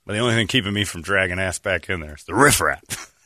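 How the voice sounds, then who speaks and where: A man's voice: sits low, lively intonation, brisk, sharp tone, dry recording, clean studio sound. A middle-aged man hosting a casual talk show, telling stories and acting out the voices of the people in them. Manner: storytelling, acts out voices in anecdotes. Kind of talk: casual chat.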